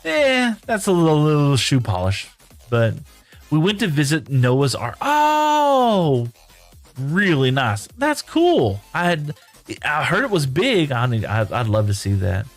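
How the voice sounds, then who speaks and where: A man's voice: medium pitch, very animated, normal speed, faint music behind. A man streaming live from his home room, reading viewer chat aloud and answering in a folksy, rambling way.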